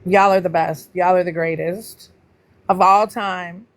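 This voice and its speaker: A woman chatting casually with viewers on her livestream, greeting them by name and teasing them playfully. Her voice jumps up high whenever she welcomes someone. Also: steady tone, measured pace. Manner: pitch jumps up high when greeting people. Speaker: livestream host.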